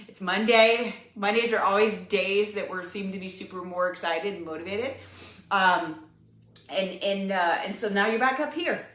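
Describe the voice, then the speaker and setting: In an echoey room, a woman with a mid-range, slightly bright voice gives a live fitness coaching talk at a normal speed. She's upbeat and encouraging, speaking straight to her viewers and calling them "you guys."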